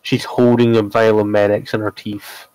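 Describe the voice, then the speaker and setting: A man in a relaxed, descriptive manner, narrating as game master of a tabletop game. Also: lowish voice, unhurried, clean tone, no room sound, rough recording.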